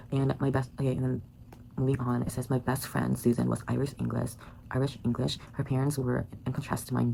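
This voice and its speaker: A student reading passages from a book aloud and commenting on them, in a halting way with many fillers and restarts. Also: mid-range voice, gravelly, warm tone, a little hiss or hum, low-quality recording. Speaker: student giving a book report.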